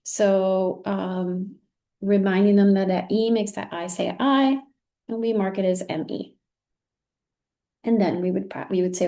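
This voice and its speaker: A woman's voice: medium pitch, fairly even intonation, unhurried, mellow. A woman leading a recorded teacher training, walking through examples patiently and encouraging with frequent praise.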